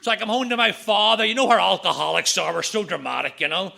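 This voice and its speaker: Gravelly Northern Irish man, joking storyteller. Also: sits high, sharp tone. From Northern Ireland. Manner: joking storyteller, quick punchlines. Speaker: AA speaker. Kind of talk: recovery share with jokes.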